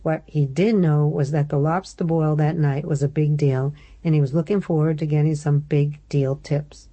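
A woman narrating a novel in a low, mellow voice. She reads the story steadily and gives each character a slight shift in voice. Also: fairly even intonation, normal speed, hardly any pauses. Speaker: audiobook narrator. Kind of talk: scripted narration.

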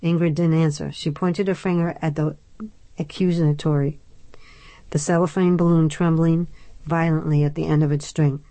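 A woman reading a novel aloud in measured, even storytelling narration, close to the microphone. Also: low voice, no room sound. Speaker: audiobook narrator. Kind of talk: scripted narration.

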